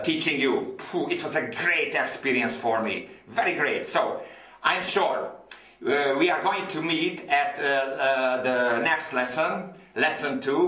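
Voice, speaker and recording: A man's voice: medium pitch, pushed and bright, echoey room. A man with a Hungarian accent, a native Hungarian speaker, giving an online English lesson with enthusiasm, repeating words and using many fillers. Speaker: English teacher.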